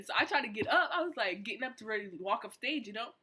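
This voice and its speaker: Young adult woman vlogger, bright and sharp-edged, lively slangy retelling. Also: fairly high pitch, fast talker, few pauses, breathy edge. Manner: animated, slangy, excited retelling. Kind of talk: casual storytime vlog.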